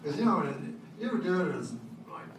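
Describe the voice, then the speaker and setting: A man in his fifties doing a stand-up set with a deadpan, rambling, hesitant delivery. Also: high voice, fairly quick, very noisy. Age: 50s. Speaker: stand-up comedian. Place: large casino showroom, on stage before a laughing audience. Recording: echoey live audience recording from far off.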